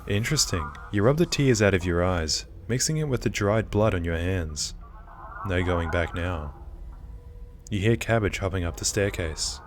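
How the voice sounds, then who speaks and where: A man reading a horror visual novel aloud, breaking off for excited reactions. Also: sits low, normal speed, slight background noise. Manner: reads game text, breaks off with excited reactions. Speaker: gaming video creator.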